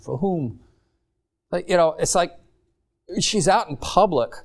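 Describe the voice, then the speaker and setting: Rambling, animated male preacher. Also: high-pitched, measured pace, creaky. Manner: rambling, animated storytelling with many restarts. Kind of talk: sermon. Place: congregation in Mexico.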